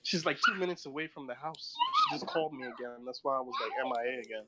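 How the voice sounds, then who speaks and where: A man's voice: mid-range voice, fast talker, heavy background noise. A man in his thirties chatting casually, telling rambling stories and laughing often. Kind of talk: casual chat.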